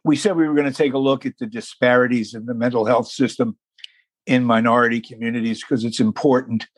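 A man hosts a talk show in a folksy, unhurried way, leaning on key words. His voice is husky and a little breathy. The sound is dry and close. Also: medium pitch, fairly even intonation, no room sound. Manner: folksy, deliberate, slows for emphasis. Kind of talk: hosting an interview show.

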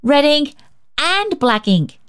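A woman's voice: measured pace, no echo, studio quality, lightly acted. A woman reading a storybook, voicing an eager, decisive little girl of about five. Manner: excitable, decisive, high and squealing.

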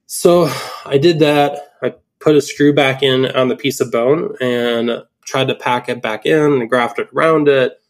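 Man, casual podcast chat, animated storytelling, quotes himself, mid pitch. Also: unhurried. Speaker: implant dentist telling a case story.

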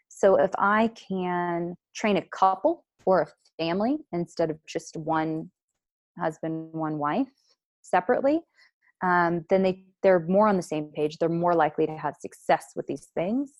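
A woman's voice: on the low side, normal speed, darkish tone, no room sound, lo-fi sound. A woman who leads a nonprofit program, answering interview questions in an earnest, explanatory way with many fillers.

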